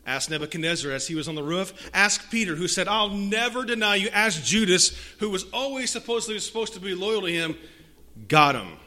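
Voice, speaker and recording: A man delivers a sermon in a fairly high, forceful, bright voice. He drops to near-hushed phrases and then rises to loud emphasis, repeating key lines for effect. He reads scripture aloud with weight. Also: animated, brisk. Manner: dramatic swings from hushed to loud, with rhetorical repetition. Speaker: preacher.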